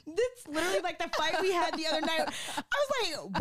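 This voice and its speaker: A high-voiced woman co-hosts a podcast, her pitch swooping all over as she chats excitedly. She laughs often and acts out what others said. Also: fairly quick, crowd noise. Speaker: podcast co-host. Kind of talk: casual chat.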